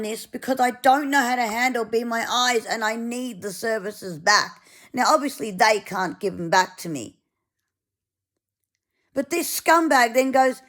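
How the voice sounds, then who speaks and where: Woman, angry sweary rant, slow deliberate delivery, higher-pitched voice. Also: a bit bright. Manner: furious, sweary, sarcastic. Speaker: vlogger.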